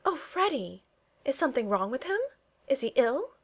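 A woman's voice: a little high, big pitch swings, brisk, pitched above the performer's own voice. A woman voicing a sweet, earnest young Regency lady about to be married, speaking in proper phrasing.

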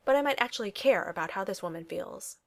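A snarky, self-assured man with a quick, flippant tongue, voiced by a woman reading a storybook-style audiobook. Mid-pitched and unforced. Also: expressive, creaky. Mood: wry. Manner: wisecracking and flippant. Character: snarky confident male billionaire inventor. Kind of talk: audiobook reading of fan fiction.

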